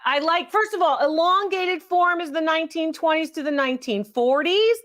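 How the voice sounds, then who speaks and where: Effusive female host of a live call-in show, high voice, talks in a friendly unscripted way. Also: a little fast, a bit bright. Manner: chatty, effusive, laughs often. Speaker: antiques appraiser hosting a live call-in show.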